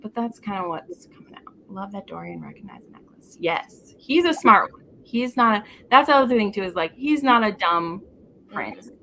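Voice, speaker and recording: Bright-voiced woman chatting about books. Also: medium pitch, a little hiss or hum, rough recording. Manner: animated, talks in quick runs with many "like"s. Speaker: book club host. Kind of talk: casual live book chat.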